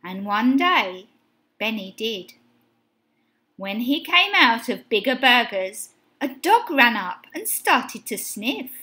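A woman teacher reading a children's picture book aloud in an expressive, sing-song way. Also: fairly high pitch, slow. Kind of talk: storybook read-aloud.

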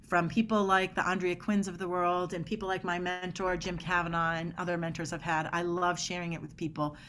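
Emphatic, lively woman expert. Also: lowish voice, a little fast, slight background noise. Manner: energetic, emphatic, acts out quoted dialogue. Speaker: body language expert guest. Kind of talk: animated podcast conversation.

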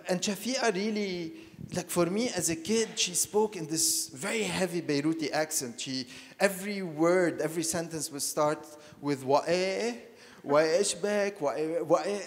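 A man from Lebanon telling a personal story at a panel talk, reflective and halting, often circling back to repeat a phrase. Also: fairly high pitch. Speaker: panel speaker. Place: lecture hall. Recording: long reverb of a lecture hall.

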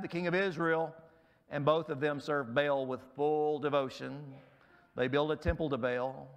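Emphatic preaching pastor, going hoarse. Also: male voice, on the high side, fairly bright tone. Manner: emphatic preaching, rising sharply on key words. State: losing his voice. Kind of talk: sermon. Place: church.

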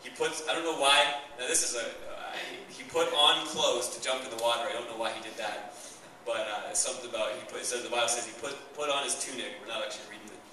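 A man's voice: medium pitch, fairly even intonation, fast, few pauses, background noise. A young man preaching a sermon as pastor, enthusiastic and conversational, recorded in a church hall. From Canada. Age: young adult. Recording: echoey church hall, mic far off.

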